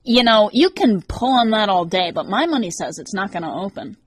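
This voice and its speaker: A woman's voice: medium pitch, animated, a little fast, husky. A woman voicing a brash, sardonic teenage male demon in an audiobook. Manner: wisecracking, defensive.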